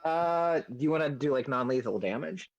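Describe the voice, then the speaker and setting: A man's voice: mid-range voice, animated, moderate pace, muffled recording. Hesitant male game master. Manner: hesitant, many fillers and restarts. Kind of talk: narrating a tabletop game.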